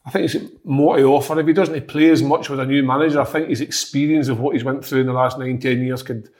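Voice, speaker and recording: A man's voice: mid-range voice, steady tone, fast, a little mellow. A man with a Scottish accent giving his football views in casual podcast chat, repeating words as he thinks. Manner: thoughtful, repeats words as he works out his point. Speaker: football pundit.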